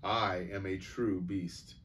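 A man voicing a great, wise, gentle male lion who speaks solemnly and in a measured way, in a storybook read-aloud. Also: low voice, fairly even intonation, slight background noise.

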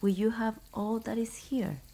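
A woman's voice: fairly low pitch, measured pace, dark tone. A woman voicing a tiny, bold, mischievous boy in a whispered role-play, eager and impish. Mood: cheeky.

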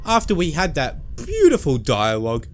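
Sweary man, lively game commentary. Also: on the high side, moderate pace, slight background noise. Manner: joking, sweary, does silly voices. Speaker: gaming channel host. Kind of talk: let's play commentary.

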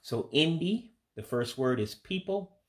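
A man giving a casual vocabulary lesson, speaking slowly and carefully, repeating words with some hesitant fillers. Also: fairly high pitch, very animated. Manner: slow, careful repetition of words. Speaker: language learner teaching vocabulary.

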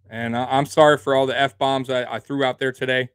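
A man's voice: medium pitch, little pitch movement, fairly quick, smooth, no echo, studio quality. A man hosting a sports livestream, angrily ranting as a fan in a profane, repetitive, fired-up way. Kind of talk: angry fan rant on a livestream.

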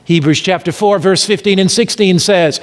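A man preaching an evangelistic sermon, emphatic and full of rhetorical questions, dropping to a hush and then rising again. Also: high voice, moderate pace. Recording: reverberant hall.

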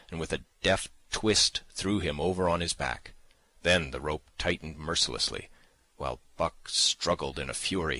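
Very deep, forceful male narrator. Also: no room sound. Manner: measured, dramatic reading. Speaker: audiobook narrator. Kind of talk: scripted narration.

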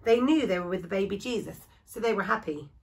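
A woman's voice: medium pitch, lively intonation, fast talker, a little mellow, close to an everyday voice. Woman doing an eager seven-year-old boy. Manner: eager, pleading.

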